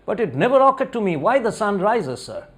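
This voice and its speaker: A man voicing a humble old boatman in a spoken story, speaking lower and more softly than his narrating voice. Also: big pitch swings, a little fast. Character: humble old male boatman, later defiant.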